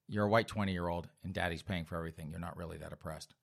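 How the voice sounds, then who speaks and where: A man's voice: low-pitched, steady tone, fast, gravelly, pitched below the performer's own voice. A man voicing a weary, exasperated middle-aged father in a comedy bit. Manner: dry, exasperated.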